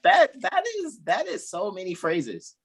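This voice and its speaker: A man's voice: high-pitched, huge pitch swings, measured pace, gravelly, crowd noise. A man hosting a casual group video call, joking around, laughing often and drifting into rambling asides. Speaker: host.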